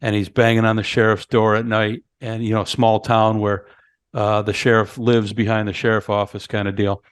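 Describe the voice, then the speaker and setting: A man's voice: on the low side, flat delivery, moderate pace, clear, resonant tone, dry recording, studio quality. A man co-hosting a horror movie podcast, casually recapping film scenes and acting out characters' lines. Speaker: podcast co-host. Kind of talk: casual movie review chat.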